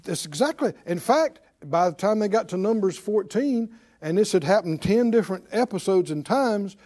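High, animated male preacher. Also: normal speed. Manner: preaches with rhetorical questions to the congregation. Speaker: pastor. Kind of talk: sermon.

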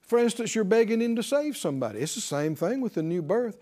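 A man's voice: sits high, big pitch swings, quick pace, few pauses, mellow. A middle-aged man preaching a sermon, emphatic, repeating key words and acting out pleading prayers.

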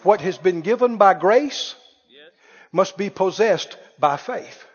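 Man, pastor preaching, very high voice, long hall echo. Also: slow pace, husky, some chatter behind. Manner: animated, emphatic, with sharp swings in loudness. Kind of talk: sermon. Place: church hall. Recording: dull audio with long hall reverb.

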